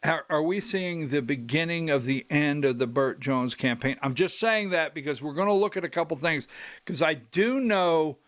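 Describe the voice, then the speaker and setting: A man's voice: on the high side, expressive, normal speed, a bit bright. A man hosting a political commentary show who rambles, breaks into his own sentences and adds emphatic asides. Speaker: host.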